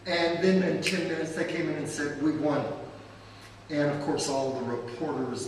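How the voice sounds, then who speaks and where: Older man with a high voice, echoey hall. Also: moderate pace. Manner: animated anecdotal storytelling with asides. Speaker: pastor and guest speaker. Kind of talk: storytelling talk to an audience. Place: church event hall. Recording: echoey hall, from far off, faint hiss.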